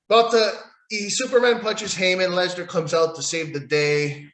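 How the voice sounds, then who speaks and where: A man's voice: a little high, normal speed, a bit bright, echoey room. A man hosting a solo wrestling podcast, ranting in a profane, sarcastic, rambling way while losing his voice. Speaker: podcast host.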